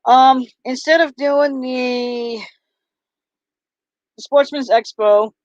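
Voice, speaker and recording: Woman vlogger, casual and halting, lots of ums; dry, muffled recording. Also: high voice, steady tone, a little mellow, dry recording. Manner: halting, full of ums and restarts. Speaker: vlogger and bracelet seller. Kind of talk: casual chat to camera. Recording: dull lo-fi, dry sound.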